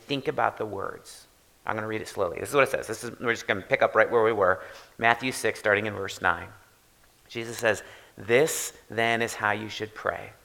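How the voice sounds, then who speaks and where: Gravelly, bright-voiced preaching man. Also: medium pitch. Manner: conversational preaching, animated emphasis, repeats phrases. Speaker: pastor. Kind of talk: sermon.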